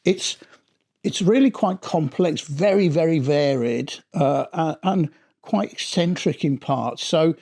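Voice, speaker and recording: A middle-aged British man gives a casual, rambling review of an album, speaking slowly. His slightly high voice is a little mellow with a gravelly, creaky edge. Chatty, he often doubles back and restarts his sentences.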